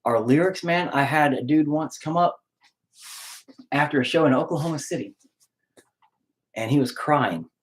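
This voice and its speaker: A man's voice: fairly high pitch, moderate pace, pauses often. A man who is a musician and lyricist, talking in a rambling, candid personal monologue and swearing freely.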